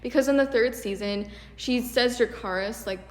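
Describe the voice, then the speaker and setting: A female video essayist rants through a commentary, exasperated and sarcastic, packing her speech with "like." Her voice is fairly high at a normal pace, recorded in an echoey room with long reverb and a noisy background.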